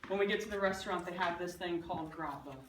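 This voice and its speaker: A woman delivers a humorous storytelling speech to a live audience, animated and comic in her delivery. Her voice sits well back from the mic in an echoey room. Bursts of audience laughter and room noise come through behind her. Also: on the low side, quick pace. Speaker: Toastmasters speaker. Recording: roomy echo from a distant mic.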